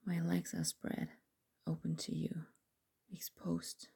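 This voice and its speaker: A young adult woman telling an intimate first-person story in whispered role-play, slow and breathy. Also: low voice, completely flat delivery, mellow.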